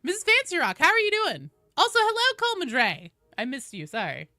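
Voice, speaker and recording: A woman game streamer chatting casually and excitedly on a live stream, greeting viewers by name as she plays. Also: high-pitched, a little fast, dry recording, studio quality.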